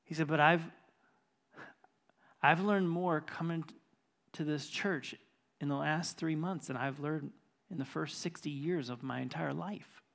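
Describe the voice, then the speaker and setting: A man preaching a sermon, retelling a conversation with quiet hushed stretches and rising, intense passages. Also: on the high side, measured pace, creaky, pauses often. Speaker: pastor. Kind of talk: sermon storytelling. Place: church.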